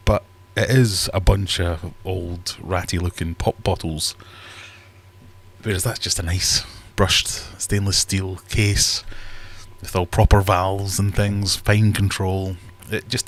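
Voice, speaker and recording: Chatty male streamer, deep voice, rambling and self-deprecating. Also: measured pace, fairly bright tone. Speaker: livestream host. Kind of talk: casual livestream chat. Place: home fish room.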